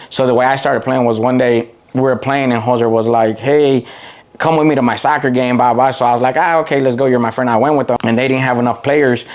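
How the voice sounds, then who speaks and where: Easygoing middle-aged man telling stories. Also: medium pitch. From Waukegan area, Illinois. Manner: rambling, many "like" fillers and restarts, animated when quoting people. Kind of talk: casual interview storytelling.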